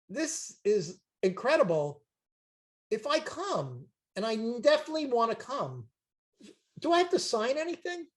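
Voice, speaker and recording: An older man, making an emphatic, repetitive, jokey sales pitch on a video call as a chiropractic seminar promoter. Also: a little mellow. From Brooklyn, New York.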